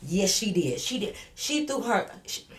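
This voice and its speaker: A woman's voice: medium pitch, a little slow. Brash woman telling a story. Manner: animated, profane, speaking straight to viewers. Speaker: vlogger. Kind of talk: storytime vlog.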